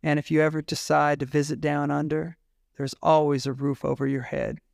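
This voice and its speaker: A man reading as a warm, kind Australian bloke. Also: fairly high pitch, flat delivery, normal speed, gravelly, no echo, studio quality. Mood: tender. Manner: tender, reassuring. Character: warm, kindly Australian man, gentle and affectionate.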